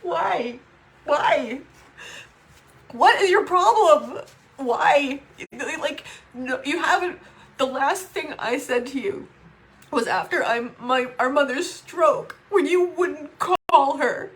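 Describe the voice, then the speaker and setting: A woman with a high voice speaks through tears in a raw, emotional personal monologue. She sounds distraught, circling back over the same words and swearing. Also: slow pace, a bit bright. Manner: distraught, repeats herself, swears. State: crying.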